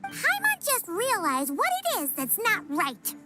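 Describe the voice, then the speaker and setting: A tiny floating companion creature from a video game, excitable and chatty, talking about herself in the third person. Her voice sits extremely high and squeaky and leaps all over the place. Loud game music plays behind her. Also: unhurried, heavily acted. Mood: excited.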